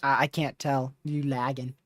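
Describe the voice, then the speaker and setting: Excitable woman live-streaming a storm chase. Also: very deep voice, normal speed, dry recording. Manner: excitable, laughs often, talks to chat.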